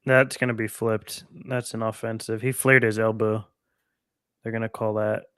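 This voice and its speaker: Laid-back man with a smooth voice. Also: fairly low pitch, little pitch movement, moderate pace, fairly bright tone, no echo, clean studio sound. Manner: laid-back, laughs easily, calls plays like an analyst. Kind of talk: casual live game chat.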